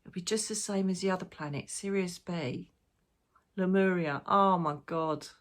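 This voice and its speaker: A woman's voice: on the low side, moderate pace. A woman, a psychic medium, talking through her predictions in a rambling, emotional, casual way and swearing now and then. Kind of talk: casual spiritual monologue.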